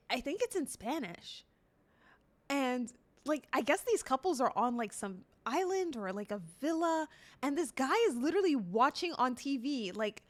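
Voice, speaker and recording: A young woman in her twenties chatting casually with her viewers as a livestreamer, telling stories in an animated, laughing way with some swearing. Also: sits high.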